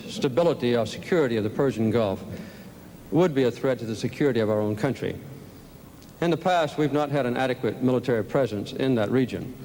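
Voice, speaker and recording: Man giving a careful debate answer, slow deliberate phrasing, old archive audio with a long hall echo. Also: medium pitch, darkish tone, a little hiss or hum. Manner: measured, deliberate, speechlike. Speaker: presidential debate candidate.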